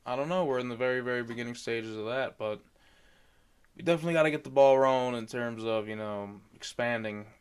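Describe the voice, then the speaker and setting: A man's voice: mid-range voice, fairly quick, smooth. A man co-hosting a podcast from home, chatting loosely and rambling with some self-deprecating jokes. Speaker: podcast co-host. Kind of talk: casual chat. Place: home computer chair, recording remotely.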